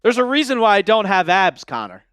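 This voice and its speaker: Male livestream host, smooth high voice in a dry room, jokey chat with viewers. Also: brisk, fairly bright tone, no room sound, faint music behind. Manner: jokey, chatty, addresses viewers by name.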